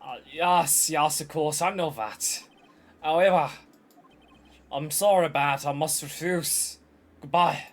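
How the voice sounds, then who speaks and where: A man's voice: on the high side, slow pace. A man voicing a pompous elderly male lawyer in a wobbly mock-Scottish lilt, calling people "boy" and "laddie". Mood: evasive.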